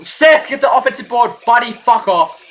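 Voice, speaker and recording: A man giving live fan commentary on a basketball game, frustrated and profane, breaking into shouts and laughter. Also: extremely high pitch, lively intonation, moderate pace.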